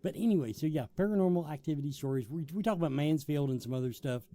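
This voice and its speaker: Mellow dry-sounding man host. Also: on the high side, fast talker, no room sound. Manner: joking, plugging events. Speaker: talk show host. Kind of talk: casual interview and promo reads.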